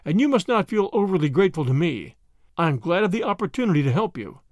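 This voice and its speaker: A man reading a storybook aloud, voicing a quiet, courteous stranger who speaks calmly. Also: high voice, fast, dry recording, clean studio sound. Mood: kind. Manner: quiet, calm.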